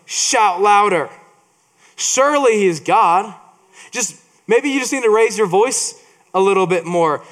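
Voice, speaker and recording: A man preaching a sermon, reading scripture and adding playful asides with frequent restarts. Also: a little high.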